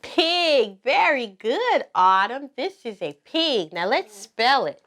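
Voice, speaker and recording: A woman teaching toddlers at circle time, speaking in a slow, sing-song, encouraging way and repeating words for the children to echo. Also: high voice, sing-song, a bit bright. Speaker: preschool teacher.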